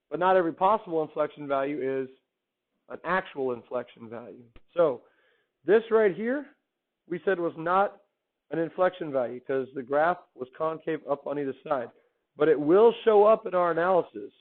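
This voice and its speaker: A male teacher lectures a classroom in an upbeat, chatty way, stopping often to quiz his students. His voice sits a little high. The recording is narrow and tinny, like a phone line. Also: lively intonation, normal speed. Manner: upbeat, quizzing students with questions. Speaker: math teacher.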